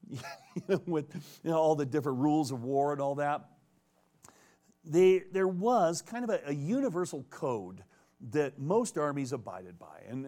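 A man preaching a conversational expository sermon, animated and joking as he reads and retells the text. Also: medium pitch.

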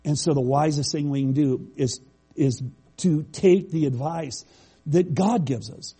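A man's voice: fairly high pitch, unhurried, warm tone, husky. A middle-aged male pastor preaching a conversational sermon, reading scripture aloud and explaining it plainly.

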